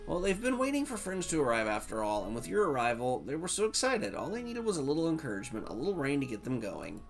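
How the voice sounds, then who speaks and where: This is a man putting on a soft-spoken woman doll from a game, wistful and fond of her garden. The reading swings through a lively pitch range over a gravelly texture. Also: quick pace, faint music behind. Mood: cheerful. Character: gentle, wistful small woman doll who tends flowers. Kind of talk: reading game dialogue aloud.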